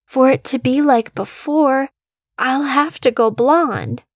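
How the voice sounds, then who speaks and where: A woman doing an unhinged man-child killer from a horror story, his voice pitched high and whiny like a small child's. The voice comes across close and dry, with a slow, drawn-out delivery that is deliberately creepy. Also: no room sound. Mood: childish, eager.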